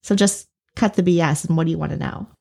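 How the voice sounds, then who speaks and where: Podcast host lady, earnest and emphatic, lots of vocal fry, soft warm tone. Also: sits low, quick pace. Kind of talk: conversational interview.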